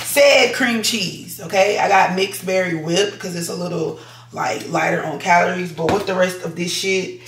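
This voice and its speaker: A woman's voice: on the low side, normal speed, reverberant, background noise. A woman, chatting candidly and rambling to her vlog camera in her home kitchen, swearing casually. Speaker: lifestyle vlogger.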